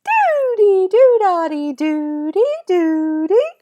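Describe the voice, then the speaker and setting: A woman music teacher putting on a squeaky, very high silly voice for children to copy. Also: big pitch swings, slow pace, warm tone, muffled recording, slight background noise, full character voice. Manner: squeaky, playful.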